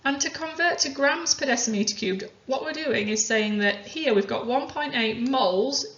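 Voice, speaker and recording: A woman chemistry teacher calmly talking through worked examples step by step. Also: sits high, moderate pace. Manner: methodical, talks through each step aloud. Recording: roomy, dull lo-fi sound.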